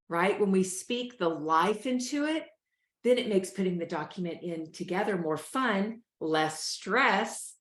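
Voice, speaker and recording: A woman, hosting a motivational talk and coaching listeners on stress in an earnest, encouraging way. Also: mid-range voice. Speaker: show host and wellness coach. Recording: roomy echo.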